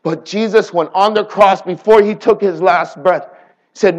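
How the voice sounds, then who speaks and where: A man preaching a sermon, swinging between hushed and impassioned and asking the audience rhetorical questions. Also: high voice, measured pace, low-quality recording.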